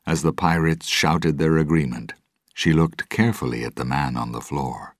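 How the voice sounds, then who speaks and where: A man reads a storybook aloud in a measured, deliberate way. His voice is extremely deep and husky and moves in lively ups and downs. It is recorded close and completely dry. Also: no echo. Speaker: narrator. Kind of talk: slow storybook read-aloud.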